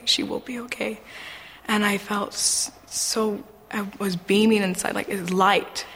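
A woman giving an earnest, emotional personal faith testimony, halting now and then with fillers. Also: mid-range voice, vocal fry, a bit bright, big-room sound, slight background noise. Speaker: testimony speaker.

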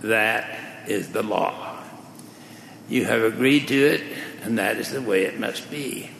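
A preacher with a gravelly voice playing a stern male creditor who insists on justice, in an echoey hall. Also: lowish voice, unhurried, fairly bright tone, slight background noise. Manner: cold, insistent, legalistic.

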